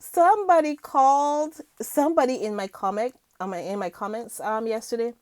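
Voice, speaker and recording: A woman's voice: fairly high pitch, normal speed, a little mellow, no room sound. A woman vlogger chatting casually to her viewers about the news, giggling often and filling her talk with ums. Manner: chatty, giggly, lots of fillers.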